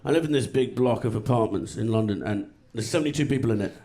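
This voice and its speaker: A man doing a stand-up comedy routine on a club stage, with a sardonic, deadpan delivery and crude jokes. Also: mid-range voice, fast. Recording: noisy live club recording. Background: audience laughter.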